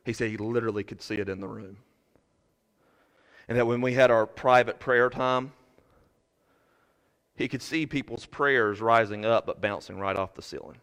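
A man preaching a sermon as pastor, swinging from shouted fervor to quiet earnest talk. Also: mid-range voice, normal speed, long pauses, smooth. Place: church sanctuary. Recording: preached in a reverberant hall.

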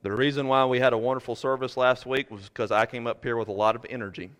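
A man preaching a sermon as pastor, swinging from shouted fervor to quiet earnest talk. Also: medium pitch, steady tone, quick pace. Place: church sanctuary. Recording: preached in a reverberant hall.

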